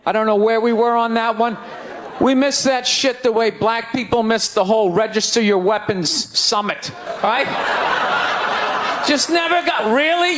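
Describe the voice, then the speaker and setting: A man doing a stand-up comedy rant, loud and incredulous, often shouting. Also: very high voice, slight background noise. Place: stage before a live audience. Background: audience laughter.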